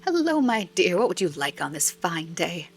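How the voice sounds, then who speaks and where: A woman's voice: on the low side, big pitch swings, moderate pace, a little hiss or hum. Woman playing a coquettish old Italian stallholder. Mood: flirty teasing. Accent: put-on Italian. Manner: teasing, coquettish, laughing.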